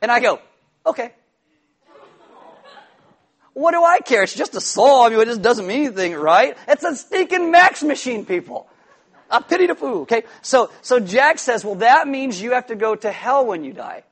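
A man preaching a sermon, telling a childhood story with lively quoted voices and asides. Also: extremely high pitch, normal speed. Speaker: pastor.

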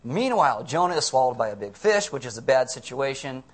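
A man's voice: medium pitch, sing-song, a little fast, husky. A man preaching a casual, joking sermon, often acting out quotes in the voices of the people in the story. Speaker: pastor.

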